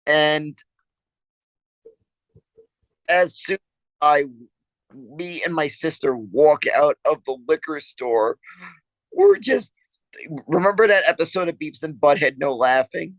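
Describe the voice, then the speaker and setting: A man's voice: fairly high pitch, fairly bright tone, no room sound. Male co-host, casual chat; stumbles and repeats himself, laughs through his stories, dry dull lo-fi sound. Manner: rambling, halting storytelling with many repeated words; laughs often while talking. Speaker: podcast co-host.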